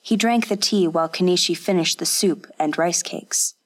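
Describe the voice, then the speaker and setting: A woman narrates a story in a calm, even storytelling manner. Her voice sits a little low for a woman. The reading is steady and unhurried. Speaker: audiobook narrator. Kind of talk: scripted narration.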